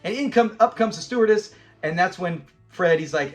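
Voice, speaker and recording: Male reviewer with a high voice, a lively retelling of episodes, faint background music. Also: moderate pace, few pauses. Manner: animated, laughs often, acts out lines while retelling scenes. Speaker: show reviewer.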